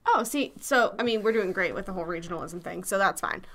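A woman's voice: mid-range voice, lively intonation, fast, fairly bright tone. A young woman with a Massachusetts accent co-hosting a podcast, chatting casually with lots of fillers. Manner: chatty, full of fillers and hedges. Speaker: podcast co-host. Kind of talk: casual chat.

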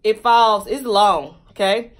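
A woman's voice: medium pitch, takes it slowly. A woman chatting casually and joking straight to viewers while reviewing a wig for her vlog.

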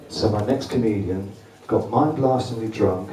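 A man compering a comedy night, introducing the next act with a slow, dry delivery. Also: mid-range voice, warm tone. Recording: echoey room, distant mic, faint hum.

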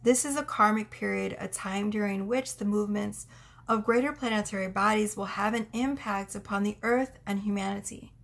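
A woman's voice: medium pitch, normal speed, gravelly, fairly bright tone. Gushing woman giving a tarot reading. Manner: effusive, gushing and emotional. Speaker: tarot reader.

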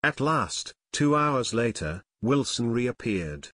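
Male audiobook narrator, measured and steady, mid-range voice, dead-dry close mic. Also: mid-range voice, no echo. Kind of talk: scripted narration.

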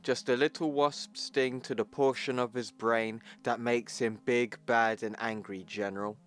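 A man reading a tiny female heroine's lines in a brisk, low voice. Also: fairly even intonation, natural voice.

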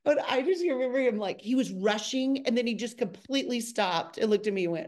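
Animated woman telling stories. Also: a little fast, few pauses. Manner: animated, acts out quotes with a high excited voice. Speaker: choreographer, podcast guest. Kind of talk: casual storytelling chat.

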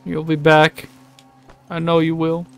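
A man's voice: on the high side, monotone, unhurried, clear, resonant tone, soft background music. A young man streaming a video game, swearing, complaining and laughing in mock grief. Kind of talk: casual game commentary.

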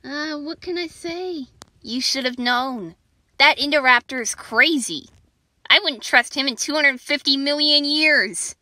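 A woman's voice: high voice, measured pace, bright, forceful tone, no room sound, full character voice. Woman voicing a blunt, sarcastic dinosaur. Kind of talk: fan dinosaur audio drama.

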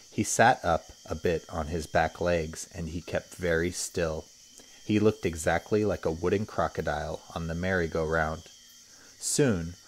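A man, a teacher, reading a children's story aloud with expressive storytelling. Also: deep voice, slight background noise.

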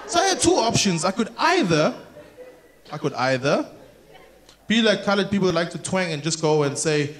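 A South African man doing a stand-up comedy routine on a theatre stage, telling animated stories and acting out other people. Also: high voice, normal speed, pauses often. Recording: roomy theatre sound with crowd noise. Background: laughing audience.

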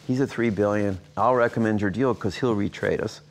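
A man in his sixties with a low voice tells stories in a sit-down interview. He acts out the quoted dialogue, and his voice leaps upward on the exclamations. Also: brisk. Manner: animated anecdotes, acting out quoted dialogue with big jumps in pitch. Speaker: interview guest.

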